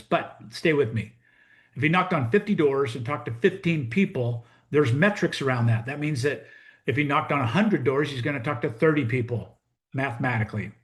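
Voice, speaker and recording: A middle-aged American man, a real estate coach, telling a story as a monologue and acting out both sides of the conversation. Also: mid-range voice. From United States.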